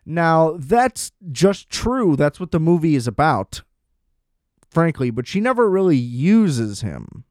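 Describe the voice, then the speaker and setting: A man's voice: a little high, big pitch swings, slow pace, a little mellow, dry recording, clean studio sound. Profane exasperated man ranting. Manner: profane, exasperated, sarcastic rant with laughs. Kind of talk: casual ranting commentary.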